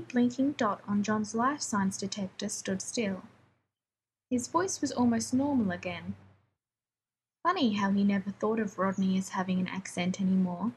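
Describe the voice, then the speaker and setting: Brief: woman narrating fiction, steady and unhurried, mid-pitched voice over a faint hiss. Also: poor audio. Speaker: reader. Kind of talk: audiobook reading of fan fiction.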